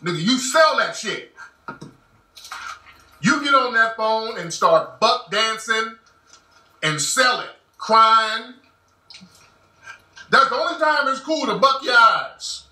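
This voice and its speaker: A man's voice: extremely high pitch, sing-song, slow, long pauses, sharp tone. Blunt emphatic man, echoey room. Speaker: commentator. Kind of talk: casual monologue. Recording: echoey room, far from mic.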